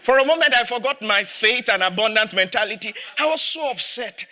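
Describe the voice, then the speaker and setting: A man's voice: high voice, animated, fairly quick, noisy background. A man, a pastor preaching a sermon, telling a story with laughter and acted-out dialogue.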